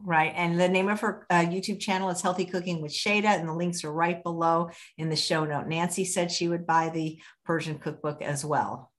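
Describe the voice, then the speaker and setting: A woman with a notably low voice hosting a live online interview. She banters with her guest and breaks in to read viewer comments aloud. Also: steady tone, normal speed, few pauses. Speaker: podcast host.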